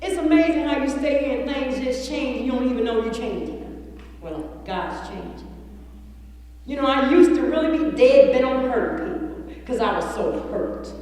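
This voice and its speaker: A high-voiced woman giving a blunt, earthy recovery testimony, swearing as she goes. She is picked up from far off by a room mic. Her voice rings with a long, hollow echo. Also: animated, normal speed, darkish tone. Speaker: recovery meeting speaker. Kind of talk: personal testimony talk. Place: large meeting room.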